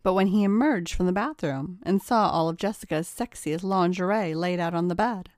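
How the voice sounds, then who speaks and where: A woman's voice: fairly low pitch, moderate pace, a little mellow, no room sound. Woman narrating a story in a dry, close recording. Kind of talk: scripted narration.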